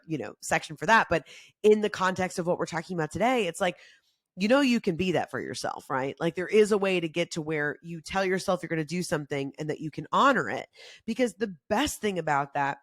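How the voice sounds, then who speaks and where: A young adult woman hosting a casual self-help talk, chatty and animated, acting out quotes with big jumps in her voice. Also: lowish voice, no room sound, clean studio sound. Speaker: podcast host.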